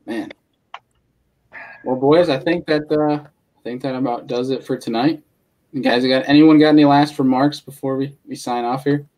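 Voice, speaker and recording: A man hosting a casual fishing podcast, laid-back and quick to laugh. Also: medium pitch, steady tone, a little mellow. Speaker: podcast host.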